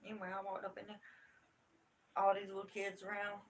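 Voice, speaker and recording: A middle-aged woman hosting a live stream from home, telling a story in an animated, emphatic, folksy way. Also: medium pitch, brisk, a little hiss or hum. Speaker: crochet channel host.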